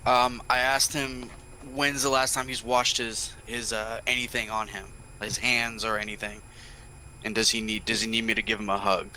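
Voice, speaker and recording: A man's voice: on the low side, little pitch movement, moderate pace, pushed and bright, slight background noise, poor audio. A man playing a tabletop game, asking a joking, hesitant question. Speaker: player. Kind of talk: casual chat in a tabletop game.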